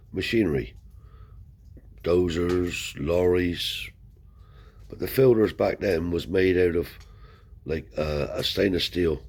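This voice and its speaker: A man with a very low voice spins a long, rambling tale in broad, everyday speech. He swears freely and slips into the voices of the people in his story. There is a faint hiss behind him. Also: darkish tone. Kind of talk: casual spoken anecdote.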